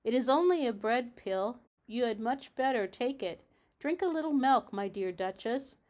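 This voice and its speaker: A brisk, motherly cat hostess who fusses kindly over her guest, voiced by a woman reading a storybook aloud. The pitch sits a little above the middle. It is a gentle animal storybook. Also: lively intonation, close to an everyday voice.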